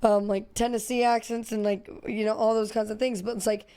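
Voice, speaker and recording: A woman's voice: a little high, level tone, brisk, dark tone, clean tone. A tipsy young woman, chatting as a streamer in a giggly, rambling way full of "like". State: drunk. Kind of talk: casual chat.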